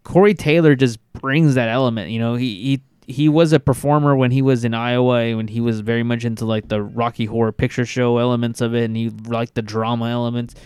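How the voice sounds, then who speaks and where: Smooth-voiced man talking music enthusiastically. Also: mid-range voice, steady tone, brisk, hardly any pauses, darkish tone, no room sound, studio quality. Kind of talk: casual music discussion.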